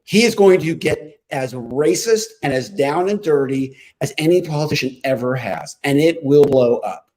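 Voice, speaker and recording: A man's voice: fairly high pitch, moderate pace, darkish tone, rough recording. Combative man giving political commentary. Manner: emphatic, combative, punchy rhetoric.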